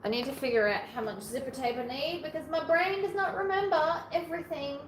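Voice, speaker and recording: A woman hosting a long sewing livestream in casual chat, playfully narrating each step aloud, her voice a little hoarse from hours of talking. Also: high-pitched, fairly quick. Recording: echoey room, faint background noise.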